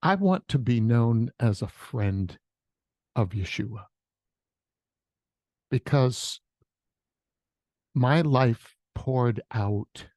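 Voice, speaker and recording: A man's voice: medium pitch, expressive, very slow, pauses often, darkish tone, no echo. A man who is a worship leader, sharing a reflective devotional message with storytelling on a video call.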